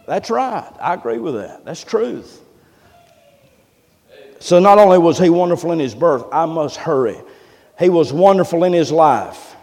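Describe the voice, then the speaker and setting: Emphatic preacher, high voice. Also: male voice, in a large hall. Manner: emphatic, repetitive, calls for amens. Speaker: pastor. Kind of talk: sermon.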